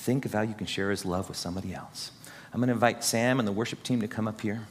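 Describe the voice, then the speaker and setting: Talking fast in a fairly low, husky voice, a man preaches an encouraging, earnest sermon to his congregation. It's recorded in a church sanctuary with a long hall reverb.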